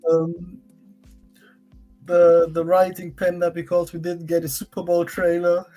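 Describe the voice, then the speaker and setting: Slow speaker, mid pitch, halting casual chat, faint music. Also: monotone, mellow, low-quality recording. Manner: halting, many fillers.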